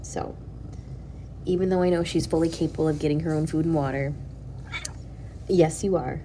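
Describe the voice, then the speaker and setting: A woman chatting casually on a livestream at home, soft and cooing, sometimes dropping to a whisper. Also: sits low, fairly even intonation, normal speed, slight background noise. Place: at home beside a cat.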